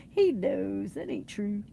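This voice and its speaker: A woman's voice: medium pitch, vocal fry, mellow, slight background noise. A woman chatting and laughing with viewers on a late-night livestream from inside her truck. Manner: chatty, laughs often, reads and answers viewer comments. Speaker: livestream host.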